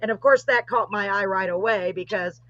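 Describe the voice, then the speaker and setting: A woman hosting a live streamed paranormal talk show over a video call, chatty and gushing, quick to apologize. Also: mid-range voice, bright, forceful tone, dry recording, muffled recording. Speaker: host.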